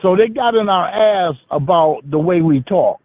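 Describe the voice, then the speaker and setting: A man's voice: high voice, expressive, normal speed, dry recording. A man from Mississippi talking on the phone in casual chat, blunt and profane, full of street slang. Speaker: phone-in guest. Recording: tinny phone line, dry.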